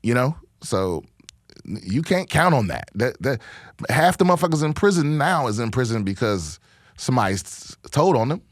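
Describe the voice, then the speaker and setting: A very animated man with a medium-pitched voice hosts a podcast, spilling out a rambling, profanity-laden comic rant at normal speed and often starting over mid-thought. He's a comedian, and the recording is dry and clean, studio quality.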